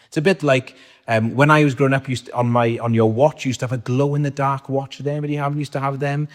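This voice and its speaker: A man's voice: mid-range voice, steady tone, fast talker. Guy preaching a sermon, chatty, keeps asking the room questions, lots of church echo. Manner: conversational, asks the congregation questions. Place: church hall. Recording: long church reverb.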